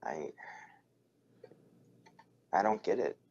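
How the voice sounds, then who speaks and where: Co-host, man with a low voice, halting and slow, muffled and faintly noisy recording. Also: animated, darkish tone, slightly rough. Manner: hesitant, halting, many fillers. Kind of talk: casual commentary. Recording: slightly dull recording with faint noise.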